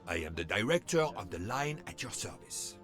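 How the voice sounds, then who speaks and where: An actor playing a courteous, accommodating railway director in a mystery video game, with a French-tinged manner. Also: male voice, fairly low pitch, very animated, normal speed, a bit bright, soft background music. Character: courteous railway director, middle-aged man.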